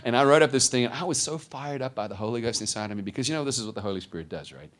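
A man preaching a sermon, telling his own story with lively storytelling and acted-out voices. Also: mid-range voice, very fast. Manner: animated storytelling, acts out voices. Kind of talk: sermon testimony.

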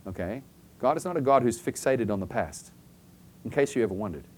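A man's voice: mid-range voice, lively intonation, brisk, darkish tone. A man preaching a conversational sermon, often asking "okay?" and acting out short everyday scenes to make his point. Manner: chatty, keeps checking in with "okay?" and acts out little scenes.

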